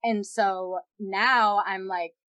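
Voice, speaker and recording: A woman's voice: medium pitch, fairly even intonation, extremely slow, sharp tone, no room sound. A young woman guest on a podcast, candidly retelling a personal story with lots of quoted dialogue.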